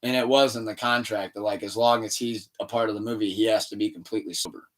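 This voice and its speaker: A man co-hosting a casual podcast, telling a story with lively acted-out dialogue. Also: fairly low pitch, fast, far from the mic. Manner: animated storytelling, acts out quoted dialogue. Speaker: podcast co-host. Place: room shared with co-host.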